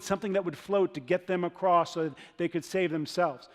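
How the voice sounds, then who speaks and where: A male pastor preaching a sermon in a church, animated, acting out the voices of people in his story. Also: high voice, brisk. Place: church sanctuary. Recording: long reverb of a church hall.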